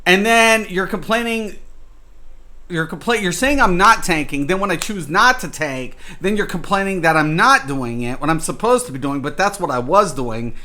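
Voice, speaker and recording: High, bright-voiced male streamer. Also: lively intonation, normal speed. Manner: rambling, exasperated venting, often breaking into laughter. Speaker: game streamer. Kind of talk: casual live-stream chat.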